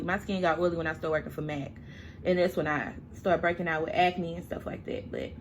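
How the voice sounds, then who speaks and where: Young woman, bright, chatty storyteller, faint room hiss behind. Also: medium pitch. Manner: chatty, emotional, tearing up at times. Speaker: makeup vlogger. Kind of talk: casual storytime chat while doing makeup.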